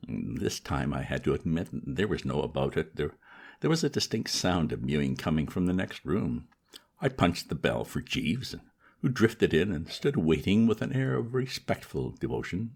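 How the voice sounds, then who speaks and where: Deep voiced guy reading a funny book, lots of up and down in his voice. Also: sing-song, normal speed, creaky, a little mellow, slightly rough. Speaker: audiobook reader. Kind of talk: scripted narration.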